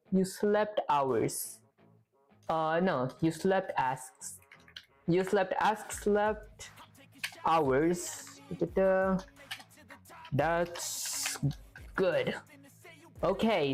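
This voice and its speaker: A chatty woman with a slightly low voice hosts a casual live stream while she works through code. She thinks aloud, giggles often and answers her viewers as she goes. Soft music plays faintly behind her.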